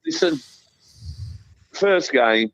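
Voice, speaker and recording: A man calling into a football phone-in, excitable and swearing. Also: high voice, drawn-out words, gravelly, no echo, highs cut off. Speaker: caller. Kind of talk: phone-in chat.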